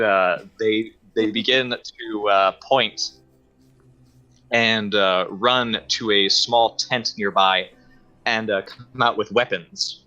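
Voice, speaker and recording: A man narrating a tabletop game as game master, halting with many fillers. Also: lowish voice, pushed and bright. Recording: slightly dull audio with faint music.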